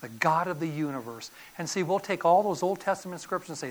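A middle-aged man preaching a sermon, telling stories in an animated, folksy way with sudden loud bursts and quiet drops. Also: a little high, fast. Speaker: pastor.

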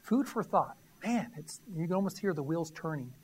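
A man's voice: on the high side, animated, normal speed, darkish tone, slight background noise. A man preaching a sermon in a conversational way, reading scripture and asking the audience questions with a teasing, emphatic delivery. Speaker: pastor.

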